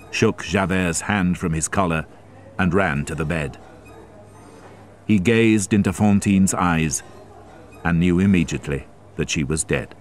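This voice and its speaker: Deep slow guy reading a story aloud for english learners, measured and careful. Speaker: narrator. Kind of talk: graded reader narration.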